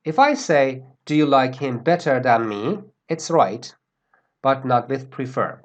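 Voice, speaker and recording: A male English teacher gives a grammar lesson at an unhurried, careful pace. His pitch moves a lot, rising and falling to stress key words, and he repeats words slowly so learners can copy them. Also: lively intonation, lo-fi sound. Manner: slow, deliberate, repeats words for pronunciation.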